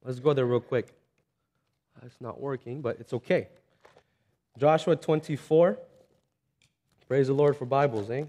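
A man's voice: medium pitch, a little slow, pauses often, mellow. A man preaching a sermon in a conversational, earnest way, telling stories and acting out the voices of the people in them. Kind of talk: sermon with storytelling.

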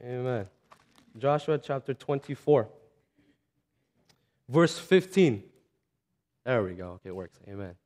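A man's voice: medium pitch, animated, measured pace, long pauses, darkish tone. A man preaching a sermon in a conversational, earnest way, telling stories and acting out the voices of the people in them. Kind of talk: sermon with storytelling.

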